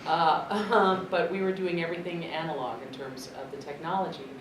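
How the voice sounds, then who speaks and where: A woman who works as a voice actor and dub director, answering press questions in a chatty, expressive way, thinking aloud. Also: fairly low pitch, fairly quick. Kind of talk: press interview answers at a convention. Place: convention press room. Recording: echoey convention room, distant mic, loud background noise.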